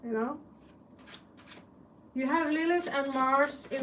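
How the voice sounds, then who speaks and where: A woman's voice: high-pitched, takes it slowly, long pauses, a bit bright. A woman with a Norwegian accent giving a casual live tarot reading, chatty and joking, with blunt swearing. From Norway. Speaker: tarot reader. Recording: distant mic with faint background noise.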